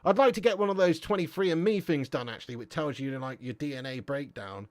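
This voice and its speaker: A man's voice: fairly high pitch, fast talker, a little mellow, no room sound. A young English man hosting a football live stream, reading chat messages and bantering with viewers in a slangy, swearing, laugh-filled way. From England.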